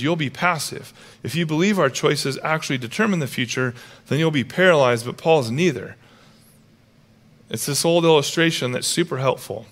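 A male pastor preaching a sermon, telling stories with lively acted-out quotes. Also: fairly high pitch, moderate pace, pauses often. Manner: animated storytelling, acts out characters with raised voice.

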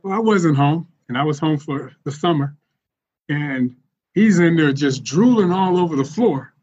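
Podcast guest: husky man, fairly high voice, lively anecdotal delivery, muffled lo-fi sound. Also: moderate pace. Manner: animated, laughs often while telling stories. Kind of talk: casual storytelling.

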